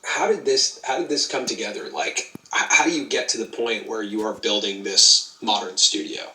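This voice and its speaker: A man's voice: fairly low pitch, moderate pace, pushed and bright, far from the mic. A man interviewing a creator, asking questions enthusiastically with plenty of fillers and cited figures. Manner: enthusiastic, citing stats, filler-heavy. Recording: echoey room, away from mic.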